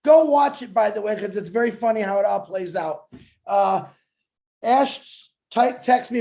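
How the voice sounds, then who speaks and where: A man's voice: high voice, lively intonation, normal speed, creaky, darkish tone. A man co-hosting a webinar, chatting casually and telling jokey stories with a laugh. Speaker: webinar co-host. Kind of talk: casual promotional webinar chat.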